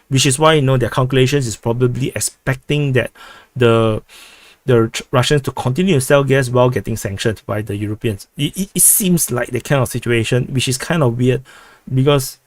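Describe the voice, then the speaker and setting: A man with a Singaporean English accent hosting a casual livestream, answering viewer questions in a halting way full of repeated words and "uh" restarts. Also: mid-range voice, dry recording.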